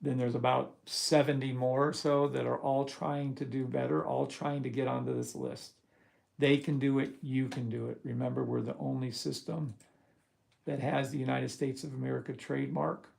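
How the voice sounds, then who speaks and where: A middle-aged man hosting a live trading stream, talking bluntly and profanely and working himself up into loud rants. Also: mid-range voice, little pitch movement, moderate pace, gravelly. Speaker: trading course host. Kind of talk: live-stream talk to viewers.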